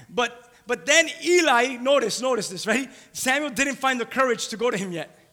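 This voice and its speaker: Male preacher, bright punchy voice, repeats lines, echoey hall. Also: extremely high pitch, animated, normal speed. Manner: emphatic, repeats for stress. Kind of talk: sermon. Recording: long hall reverb.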